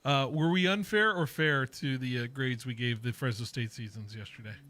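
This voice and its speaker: A man's voice: medium pitch, normal speed, bright, forceful tone. A man hosting a sports talk radio show from a studio, rambling with many fillers and joking around with his co-host. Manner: rambling, lots of fillers and self-corrections; playful, jokes with co-host.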